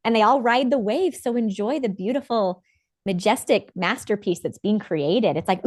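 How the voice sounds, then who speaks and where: A woman's voice: mid-range voice, expressive, fairly quick, a little mellow. Enthusiastic podcast host woman. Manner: enthusiastic, agreeable, asks questions. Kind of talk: casual podcast chat.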